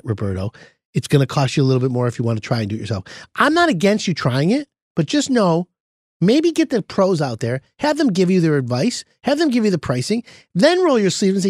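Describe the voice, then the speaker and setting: A man hosting a casual podcast as a contractor, telling animated stories and giving plain advice. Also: a little high, brisk, no room sound, studio quality. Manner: animated storytelling with laughs.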